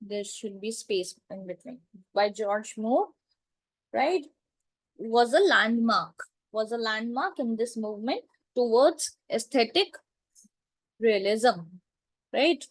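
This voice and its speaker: A woman teaching literature terms, repeating each point slowly and checking with "right?" and "clear?". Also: a little high, lively intonation, no room sound, poor audio. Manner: slow, repetitive, checks understanding with "right?" and "clear?". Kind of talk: classroom lecture.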